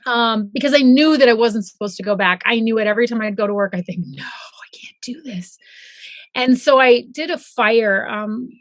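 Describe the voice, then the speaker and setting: A middle-aged woman, a former pathologist, telling her story as a guest and lively acting out her own past thoughts. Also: fairly high pitch, brisk, hardly any pauses, no echo. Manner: animated, acts out her own past thoughts in quoted voices. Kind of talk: casual interview storytelling.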